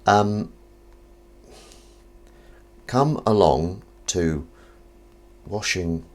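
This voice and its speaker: A man hosts a relaxed live stream, with a deep, low-pitched voice. He jokes with viewers all the way through, and his delivery is very animated, leaping from loud excited greetings to half-mumbled remarks to himself. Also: extremely slow. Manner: playful, jokey, swings between loud greetings and mumbled asides. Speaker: livestream host. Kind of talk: casual live-stream chat.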